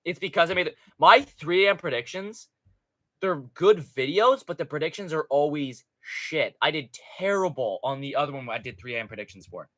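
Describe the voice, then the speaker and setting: A man's voice: a little high, lively intonation, normal speed, fairly bright tone. A man hosting a live stream in casual, profane, rambling chat, reading out viewer comments. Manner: rambling, profane, chatty with frequent restarts.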